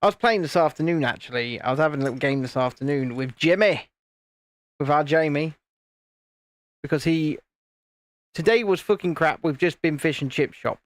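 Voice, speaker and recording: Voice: mid-range voice, normal speed, long pauses, no room sound. Chatty British livestream host. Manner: chatty, reads chat messages aloud, laughs often. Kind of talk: casual live chat while building. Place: home, indoors, in the evening. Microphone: phone camera.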